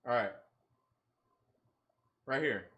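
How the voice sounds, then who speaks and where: A man's voice: medium pitch, drawn-out words, highs cut off, heavy background noise. A man hosting a casual livestream, rambling and swearing with lots of "like" and restarts, laughing often. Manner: rambling, profane, many likes and restarts; laughs often while talking. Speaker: livestream host.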